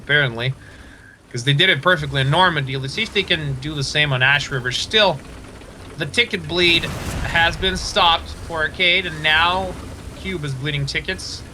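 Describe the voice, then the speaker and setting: A man casting a live tank match, excitable, laughing often and stumbling over player names. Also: fairly high pitch, moderate pace, background noise. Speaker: esports caster.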